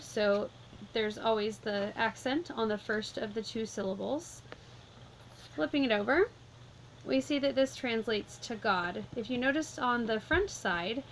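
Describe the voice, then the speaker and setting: Woman teacher, slightly high pitch, patient step-by-step delivery, light background hiss. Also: poor audio. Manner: calm, methodical, step-by-step explaining. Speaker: Latin teacher. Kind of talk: vocabulary lesson walkthrough.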